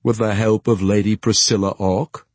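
A man's voice: fairly low pitch, level tone, normal speed, darkish tone, no echo, close to an everyday voice. A man voicing a wry old castle steward who speaks in a formal, coaxing way.

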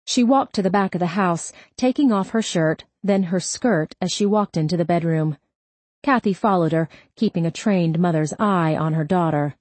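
A woman reading a novel aloud in a steady, scripted narration. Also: fairly low pitch, moderate pace, dry recording. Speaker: audiobook narrator.

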